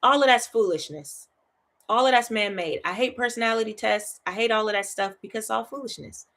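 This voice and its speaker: This Bible study host talks a little fast in a voice on the high side. Her chatty, animated teaching is full of laughs, and she often checks in with "right?" and repeats phrases for emphasis.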